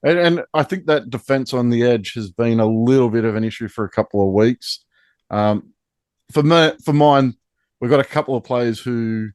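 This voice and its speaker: A man's voice: medium pitch, a little mellow, no room sound. A man hosting a sports podcast, with wry, teasing remarks. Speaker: podcast host. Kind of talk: casual sports chat.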